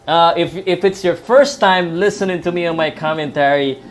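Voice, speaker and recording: A man's voice: a little high, normal speed. A man from the Philippines, a professional commentator, chatting loosely about boxing and MMA on a live stream, with many fillers and restarts. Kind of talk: live fight-night talk.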